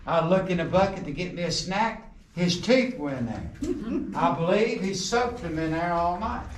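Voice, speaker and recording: A man's voice: sits high, very animated, normal speed. A middle-aged man, leading a coal mine tour, who jokes with the group and tells folksy stories. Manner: folksy joking storyteller, quizzes the group. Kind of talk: guided tour talk to a group. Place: underground mine tunnel. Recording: echoey underground, voice from a distance, some noise.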